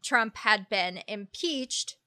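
Woman co-host, casual banter, bright higher voice, dry close mic. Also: lively intonation, slow pace, no room sound. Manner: chatty, laughs often, playful. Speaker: podcast co-host. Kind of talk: casual chat.

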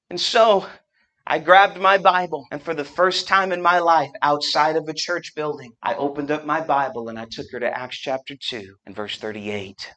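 A man preaching a revival sermon, swinging from shouted fervor to hushed storytelling. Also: a little high, moderate pace, rough recording. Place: church gathering room.

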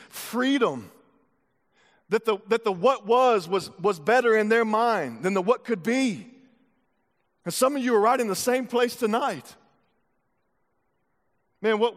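A man preaching a sermon, retelling a scripture story in a casual, slangy way before moving into teaching. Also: high-pitched. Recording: long hall reverb.

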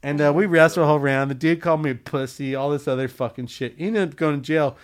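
A tattoo shop owner telling a story in casual chat, swearing a lot and acting out quotes and sound effects. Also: male voice, on the high side, quick pace. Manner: profane, animated, acts out quotes and sound effects.

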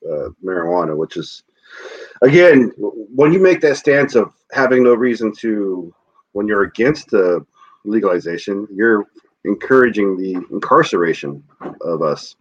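A man co-hosting a casual podcast, talking in a heated, animated way with frequent swearing. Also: on the low side, unhurried, dull audio. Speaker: podcast co-host.

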